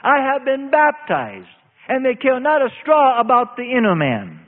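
A male preacher delivers a sermon in a high, animated voice at a deliberate pace, preaching slowly and emphatically with drawn-out phrases. The recording sounds tinny and phone-like, with long reverb from the hall.

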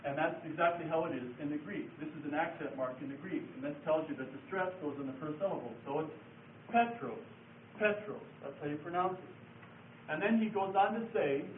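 A Bible study teacher with a fairly high voice delivers a patient, step-by-step classroom lecture, writing on the board and repeating his key words at a brisk clip. He sounds far off and echoey, as though recorded from the back of the room, and the audio is thin and phone-like with a faint hiss beneath it.

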